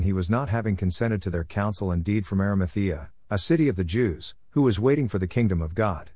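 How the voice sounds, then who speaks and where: Man, scripture reading, steady measured narration, low pitch, dry sound. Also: dry recording. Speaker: scripture reader.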